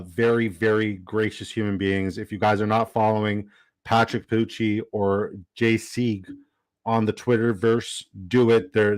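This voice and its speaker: Reading viewer comments on his live stream, a man with a fairly low voice stays chatty and upbeat, rambling with fillers and shout-outs. The low-quality recording has no room sound.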